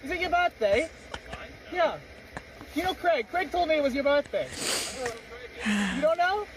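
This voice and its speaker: A man's voice: very high voice, lively intonation, unhurried. A man in a played clip ordering at a drive-thru in a mock British accent that keeps slipping. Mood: playful. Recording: loud traffic noise outdoors.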